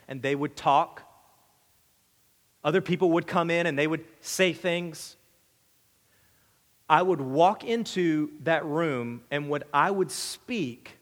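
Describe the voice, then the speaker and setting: Preacher, man, high-pitched, chatty sermon delivery with rhetorical questions, reverberant hall. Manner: conversational, asks rhetorical questions, repeats and restarts words; voices the crowd's demand in a higher, louder tone. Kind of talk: expository sermon.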